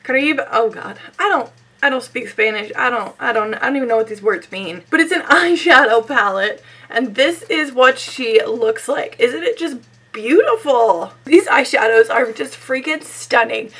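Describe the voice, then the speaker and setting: A woman's voice: on the high side, expressive, moderate pace, a bit bright, husky. A young woman losing her voice, chatting casually and giggling through a beauty unboxing on her channel. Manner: chatty and giggly, rambling asides. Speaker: beauty vlogger.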